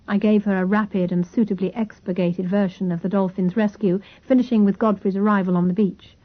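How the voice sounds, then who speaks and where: Woman audiobook narrator, measured first-person reading, medium pitch, dull lo-fi sound. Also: fairly even intonation.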